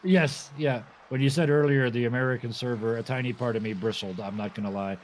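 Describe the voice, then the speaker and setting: A man's voice: medium pitch, steady tone, fairly quick, slight background noise, poor audio. A man from Canada commentating a sim race live, chatty and laughing often.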